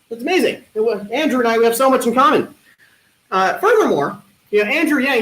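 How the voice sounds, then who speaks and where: A man doing stand-up one-liners at an online talent show, with a deadpan punning delivery and hesitant fillers. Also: sits high. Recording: echoey room.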